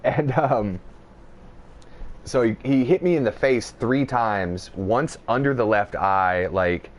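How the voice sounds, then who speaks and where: A man's voice: medium pitch, takes it slowly. A young man hosting a podcast, telling a rambling, profane story in casual chat. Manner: profane, rambling, animated retelling. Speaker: podcast host.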